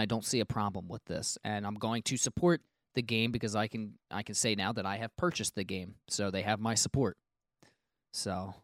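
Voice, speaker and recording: A man's voice: lowish voice, dry recording, clean studio sound. A man hosting a casual podcast, rambling and joking, often restarting his sentences. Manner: rambling, self-interrupting, jokey. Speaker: podcast host.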